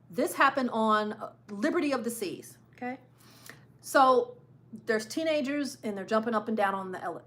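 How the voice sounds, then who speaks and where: A woman's voice: on the high side, fairly bright tone. A woman hosting a live cruise news stream, chatting casually, repeating phrases for emphasis and laughing often.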